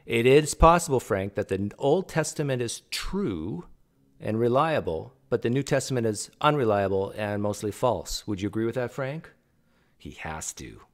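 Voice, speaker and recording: Here the host reacting to clips has a medium-pitched, animated voice at normal speed. He's argumentative in a casual way, speaking straight back to the man on screen.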